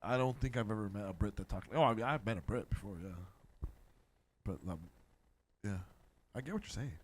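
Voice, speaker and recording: A man's voice: fairly low pitch, brisk, slight background noise. A man co-hosting a podcast, blunt and profane in casual comedic banter. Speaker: podcast co-host.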